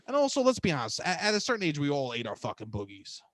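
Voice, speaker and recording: A young man co-hosting a podcast, telling stories in a loud, profane, swinging way. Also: wildly swooping pitch, fast, no echo. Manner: loud, profane, storytelling with big pitch swings. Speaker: podcast co-host. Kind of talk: casual chat.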